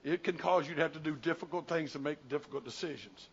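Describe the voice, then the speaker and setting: A man in his sixties from the Southern United States, a pastor preaching a sermon, swinging from loud bursts to hushed, slow asides. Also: on the high side, slightly rough. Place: church sanctuary. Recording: dull lo-fi church recording.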